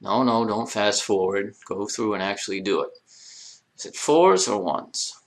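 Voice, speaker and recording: A man's voice: on the low side, expressive, a little slow, creaky. A man teaching a recorded lesson, explaining step by step and asking rhetorical questions as he goes. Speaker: Arabic teacher. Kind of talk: recorded lecture.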